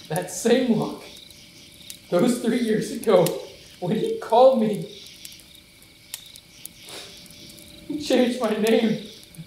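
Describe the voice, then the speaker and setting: A man's voice: high voice, a little mellow, a little hiss or hum. A man playing a remorseful apostle Peter in an earnest stage monologue, telling his story in the first person. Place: church stage. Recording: echoey church hall, mic far off.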